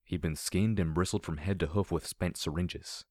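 A man reads a dark adventure story aloud in a steady, measured way. His voice sits very low, and the sound is dry and close with no echo at all. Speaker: narrator. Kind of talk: audiobook reading of dark fan fiction.

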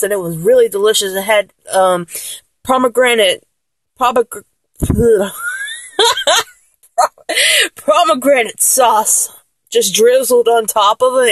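A woman in her mid twenties whose voice sounds older than her age, chatting in a casual, jokey way. Her pitch leaps around as she rambles and laughs at herself. She takes her time, and the sound is dry and close. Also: dry recording. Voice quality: mature-sounding voice. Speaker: solo vlogger answering a questionnaire. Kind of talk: casual chat.

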